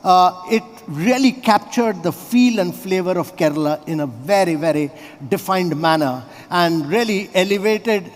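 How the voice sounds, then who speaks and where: An older man with a notably high voice speaks on a conference stage, laying out his argument point by point with numbers. His voice carries a long reverb from the large hall around him. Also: expressive. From India. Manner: measured, builds points with numbers and lists. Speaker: award honoree, interview guest. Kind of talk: on-stage conversation.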